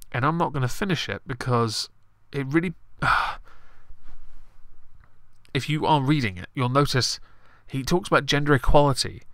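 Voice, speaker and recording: Man, sarcastic, swears freely, live-stream commentary, mid pitch, dry close sound. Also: moderate pace, a bit bright, dry recording. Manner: sarcastic, blunt, swears often.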